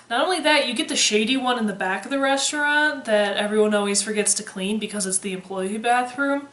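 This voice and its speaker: A woman's voice: fairly high pitch, fairly bright tone. A woman in her twenties chatting casually to camera, sarcastic and freely swearing with dry humor. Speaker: vlogger, former waitress. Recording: roomy echo.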